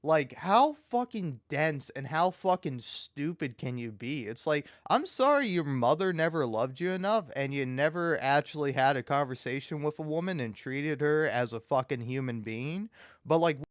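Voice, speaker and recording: A man's voice: fairly high pitch, lively intonation, moderate pace, no echo, clean studio sound. A man ranting in casual commentary, heated and profane, often stumbling and restarting his sentences. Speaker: video commentator.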